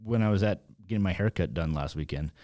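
A man's voice: deep voice, fast talker, dark tone. A man co-hosting a podcast in casual chat, teasing his co-host with joking banter.

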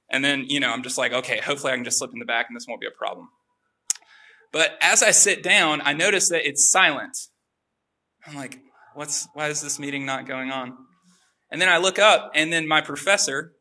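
A man's voice: a little high, sharp tone. A young adult man preaching a casual sermon, telling a personal story with many fillers and asides. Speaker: pastor.

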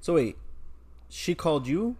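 A young man co-hosting a podcast, chatting casually and teasing his co-host with quick questions. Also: on the high side, very animated, mellow, husky. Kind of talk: casual chat.

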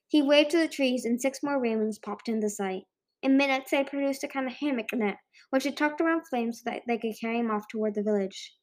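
A woman narrating a children's fantasy book as an amateur audiobook reader, with frequent slips and restarts. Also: on the high side.

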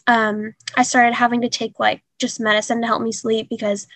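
A young woman telling a painful personal story in an interview, halting and earnest with many fillers. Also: on the high side, flat delivery, fairly bright tone, no room sound. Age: young adult. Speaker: guest.

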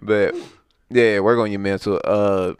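A man in a casual chat; relaxed, swears freely and says "like" often. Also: on the low side, measured pace, smooth, no echo.

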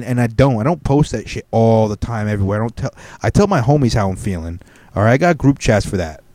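A man's voice: medium pitch, darkish tone, no room sound. A young man hosting a solo podcast, ranting bluntly with heavy swearing. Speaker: podcast host.

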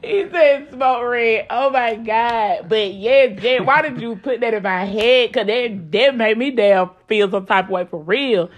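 Woman, brash and profane, slightly high voice, casual chat. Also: unhurried, hardly any pauses. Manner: brash, profane, laughing storytelling. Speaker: host.

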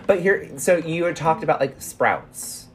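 A woman hosting a casual podcast chat with a friend, laughing easily and animated. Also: deep voice, a little slow, faint music behind. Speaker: podcast host.

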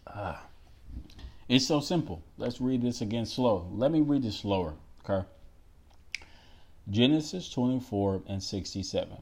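This solo podcast host has a warm, mid-range voice and an animated delivery. Speaking casually and with emphasis about scripture, he slowly reads verses aloud and asks his listeners rhetorical questions.

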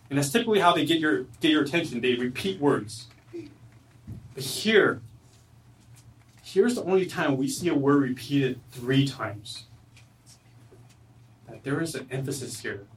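A man preaching a sermon at a church service, earnest, swinging from loud emphatic lines to low quiet ones. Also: recorded from a distance, rough recording. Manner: earnest, rises loud then drops low and soft. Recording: voice from away from the mic.

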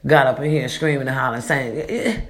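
A woman's voice: rumbling low, fairly even intonation, fast talker. Chatty preachy woman vlogger. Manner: chatty and preachy, calls listeners baby and y'all. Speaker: vlogger giving life advice. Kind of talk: casual motivational monologue. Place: echoey borrowed room.

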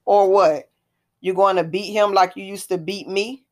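Woman voicing a calm, defiant mother. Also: medium pitch, moderate pace, natural voice. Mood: firm. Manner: firm, composed.

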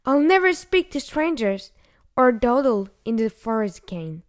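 A woman voicing an innocent young girl with a bright, earnest, childlike way of talking. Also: fairly high pitch, very animated, measured pace. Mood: tearful. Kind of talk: storybook reading.

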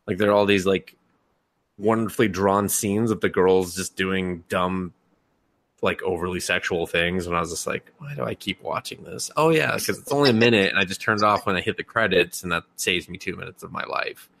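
A man's voice: sits low, a little fast, a bit bright. A man casually retelling scenes as a podcast co-host, rambling with lots of fillers and laughs. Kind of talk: casual chat.

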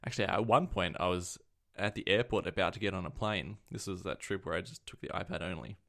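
Gravelly-voiced man rambling through stories. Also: low voice, fast, fairly bright tone. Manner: rambling, self-correcting storyteller. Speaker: podcast co-host. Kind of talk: casual tech chat.

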